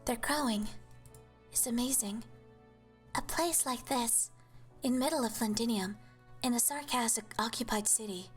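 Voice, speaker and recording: A woman streamer voicing a gentle young girl full of wonder, in a soft, breathy voice. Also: fairly high pitch, measured pace, pauses often, soft background music, natural voice. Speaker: streamer reading a game story aloud.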